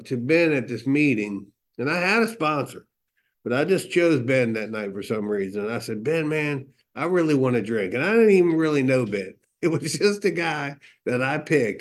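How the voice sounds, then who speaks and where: Man telling a candid recovery story. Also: on the high side. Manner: candid storytelling with quoted dialogue and fillers. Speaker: recovery meeting speaker. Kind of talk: personal testimony.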